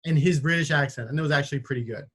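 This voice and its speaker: Wry, slightly high-voiced male host. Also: very fast, fairly bright tone, breathy edge. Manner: wry, stammers and restarts when riffing. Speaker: podcast host. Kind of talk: casual podcast chat.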